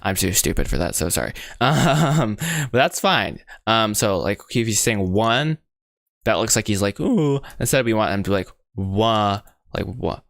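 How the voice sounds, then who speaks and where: This American young man has a lowish voice and talks at a moderate pace, recorded in studio quality with no room sound. He's livestreaming as he animates, rambling excitably, poking fun at himself, sounding out mouth shapes, and saying "bro" and "guys" constantly.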